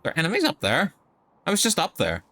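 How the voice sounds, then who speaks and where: A man's voice: high-pitched, huge pitch swings, quick pace, bright, forceful tone. A young man streaming a game live, talking in a casual, rambling and profane way.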